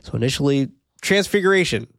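A man chatting on a podcast in a relaxed, loose way, walking through a film's plot with frequent laughs and the odd curse. His voice sits at an everyday middle pitch. The sound is close and dry. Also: quick pace, dry recording. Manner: recaps plot loosely, swears, laughs often. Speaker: podcast co-host. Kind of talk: casual film recap chat.

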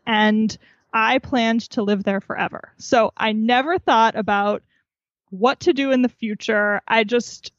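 A candid, chatty woman with a fairly high voice, speaking as a guest in a podcast interview. She tells her story openly and laughs at herself. The sound is dry and a little dull, with no room echo. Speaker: author and guest.

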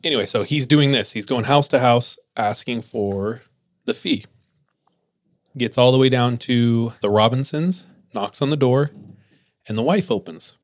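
A man hosting a podcast, telling ghost stories in a relaxed way with lots of filler words. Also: mid-range voice, measured pace, no room sound. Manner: relaxed, filler-heavy, laughs easily. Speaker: podcast host. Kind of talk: casual spooky storytelling.

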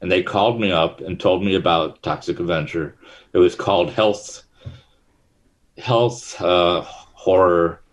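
A man's voice: deep voice, unhurried, muffled recording. A middle-aged man, a guest in an interview, telling stories in a rambling way with many fillers and restarts. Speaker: actor and guest. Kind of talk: casual interview chat.

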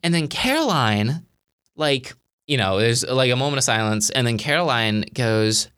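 A man's voice: medium pitch, animated, moderate pace, a bit bright, smooth, no echo, studio quality. A young man casually telling a personal story, chatty and filler-heavy, animatedly quoting himself.

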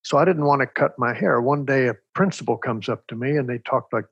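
An older man from Texas, an interview guest telling stories in a measured, reflective way, with a husky voice. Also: medium pitch, no echo. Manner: measured, reflective, animated storyteller. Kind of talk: storytelling in conversation.

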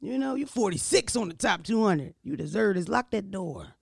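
A woman's voice: mid-range voice, expressive, moderate pace, creaky, darkish tone, slightly rough, dry recording, clean studio sound, full character voice. A woman putting on a purring, bossy talking vibrator. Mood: seductive. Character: sultry talking vibrator, low and coaxing.

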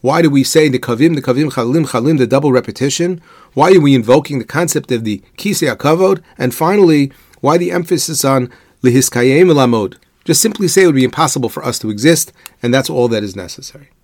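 Guy teaching a torah class, steady mid voice, quotes, dry close sound. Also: medium pitch, dry recording. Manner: measured explanatory delivery, posing rhetorical questions; weaves Hebrew quotations into English. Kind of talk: religious lecture.

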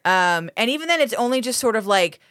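A woman's voice: a little high, lively intonation, fast, fairly bright tone, clear, resonant tone, no echo, studio quality. A woman co-hosting a podcast, recapping an episode in casual, chatty talk, sarcastic and full of swearing. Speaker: podcast co-host. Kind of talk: casual chat.

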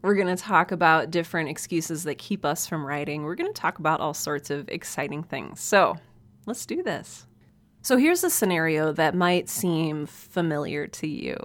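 A woman's voice: deep voice, expressive, moderate pace, hardly any pauses. A woman with a Midwestern American accent hosting a casual solo podcast from her home office, chatty and self-deprecating, laughing often. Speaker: podcast host. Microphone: desk mic.

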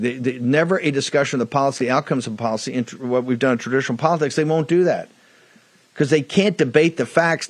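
A man's voice: medium pitch, no echo. A man hosting a political talk show, delivering an emphatic monologue with hammering repetition into a studio microphone.

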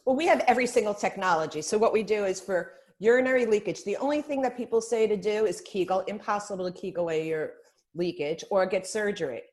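A woman guest on a casual podcast chat who explains things in an emphatic, animated way. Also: medium pitch, quick pace. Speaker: guest, spa business founder.

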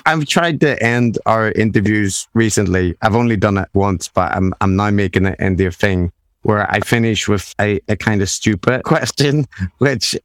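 A man's voice: on the low side, dry recording, studio quality. A man co-hosting a casual interview podcast, who rambles, laughs often and speaks in a self-deprecating way. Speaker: podcast co-host.

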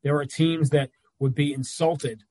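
A man talking basketball in casual chat as a regular analyst, telling stories with quick asides. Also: on the high side, level tone, darkish tone, dry recording.

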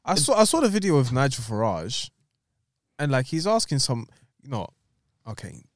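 A man with a middling voice and a lively, rising and falling delivery jokes his way through a casual podcast chat. His lines often trail off into mumbles. The sound is dry and close to the mic. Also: mid-range voice, moderate pace, no room sound. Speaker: podcast co-host.

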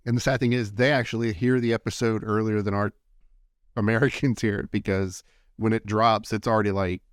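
A man's voice: on the low side, fairly even intonation, a little fast, smooth, no room sound, clean studio sound. A man hosting a casual podcast, easygoing and steering the chat toward the next story. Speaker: podcast host leading the segment.

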